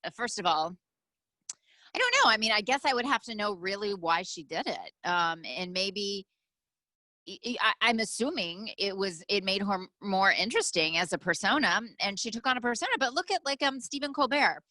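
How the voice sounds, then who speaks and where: A woman's voice: medium pitch, normal speed, bright, forceful tone, no echo. A woman co-hosting a podcast, giving blunt opinions in casual bickering chat with frequent ums. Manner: blunt, opinionated, hesitant fillers. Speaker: podcast co-host.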